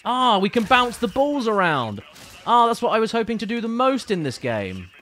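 A man's voice: high voice, very animated, moderate pace, a bit bright. Playful man streaming a game. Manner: playful, teasing, chatty. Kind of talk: casual gameplay commentary.

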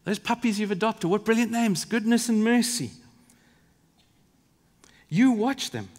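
Pastor preaching, high voice, long echo of a big church hall. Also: male voice, a little slow, a little mellow. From South Africa. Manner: earnest, vivid preaching with asides to the congregation. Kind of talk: sermon. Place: large church.

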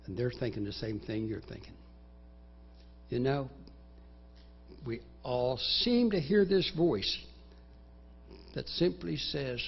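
A man preaching a sermon in a church, dramatically acting out inner voices in the first person and reciting scripture in slow, measured phrases. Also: medium pitch, creaky, highs cut off, slight background noise. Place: church sanctuary.

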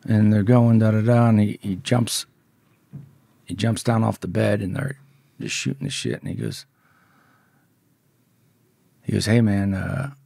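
A man's voice: lowish voice, measured pace, creaky, long pauses, warm tone, slightly rough, dry recording. A middle-aged man telling a blunt, profane story as a podcast guest. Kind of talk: storytelling in an interview.

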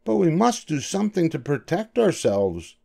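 An older man reading aloud and voicing a small, gentle female mouse, the dentist's wife, in a high, soft voice. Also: sing-song, normal speed, gravelly, full character voice.

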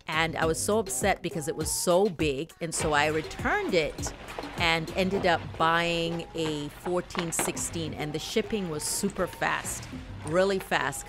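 A middle-aged woman chats through a clothing try-on for her viewers, laughing easily as she goes. Her voice sits on the low side. Soft music plays faintly underneath. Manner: chatty, laughs often, talks straight to viewers. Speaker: fashion haul vlogger. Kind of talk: casual chat to camera.

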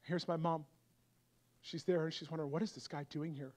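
A young adult man preaching a revival sermon, moving from quiet storytelling to loud, impassioned appeals. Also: fairly even intonation, a little fast. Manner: builds from soft storytelling to loud, high-pitched fervor.

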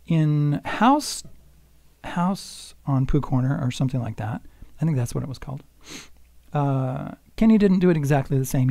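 An older man giving a casual guitar lesson, chatty and unhurried, counting beats aloud and singing lines softly. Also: mid-range voice, gravelly, dry recording. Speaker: guitar teacher. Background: acoustic guitar playing.

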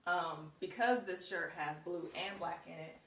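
A style coach shows viewers how to put outfits together in a casual live video, chatty and full of laughs and ums. Her voice is lowish and a bit bright at a measured pace, recorded roomy and distant with faint hiss.

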